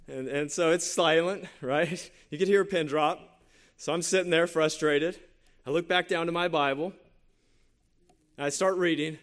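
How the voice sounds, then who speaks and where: A pastor from the San Jose Bay Area in California preaches a sermon in an earnest, conversational way, often repeating phrases and sharing a personal story. His voice is a little high and a bit bright, with fairly even intonation and a moderate pace.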